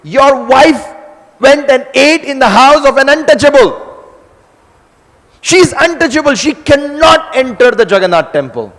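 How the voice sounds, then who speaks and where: A man playing an indignant elder brother god who shouts that the rules must be kept. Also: very high-pitched, expressive, measured pace, voice pushed up, full character voice. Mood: outraged. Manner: shouting in outrage, insisting on rules. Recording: long hall reverb.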